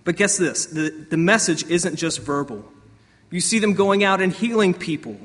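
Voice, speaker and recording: A man preaching a sermon as pastor, animated, swinging between loud outbursts and soft asides. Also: high voice, normal speed, in a large hall.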